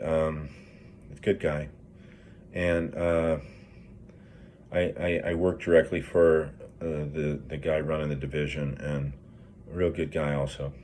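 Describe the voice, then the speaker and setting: A man's voice: rumbling low, a little mellow, slight background noise. A middle-aged man in recovery, grieving and talking candidly in a rambling, profane way with many fillers and restarts. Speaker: project manager in recovery. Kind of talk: candid personal vlog.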